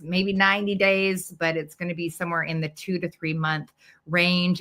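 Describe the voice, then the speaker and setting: A woman from Canada hosting a live-stream commentary, reading from notes and speaking energetically and emphatically to her viewers. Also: lowish voice. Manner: energetic, emphatic, asks viewers to stay and interact. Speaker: political commentary host.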